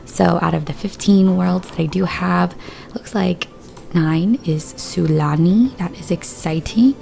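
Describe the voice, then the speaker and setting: Hoarse, low-voiced woman chatting over gameplay. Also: steady tone, measured pace, mellow. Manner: rambling, chatty, a bit scattered. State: hoarse after surgery, voice lower than usual. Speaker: gaming video creator. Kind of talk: casual gameplay commentary.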